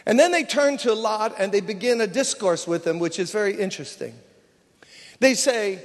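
A man with a high voice preaches in a casual storytelling manner, slipping into the voices of the people he describes. He is in a large church hall, and his voice rings with a long reverb. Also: lively intonation, normal speed. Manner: conversational storytelling, acts out dialogue. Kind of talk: sermon.

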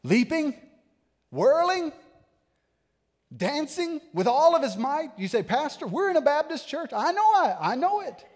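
A man in his thirties preaching a sermon as a pastor, animated, swinging between loud bursts and hushed asides. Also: very high-pitched, a little slow, long reverb tail. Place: church sanctuary.

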